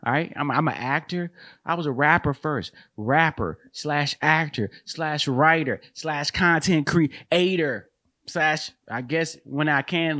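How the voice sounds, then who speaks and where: This host and comedian has a high-leaning, somewhat bright voice. Running a comedic solo commentary, he talks loosely with lots of slang, keeps addressing listeners as "man" and "bro," and cracks up at his own jokes.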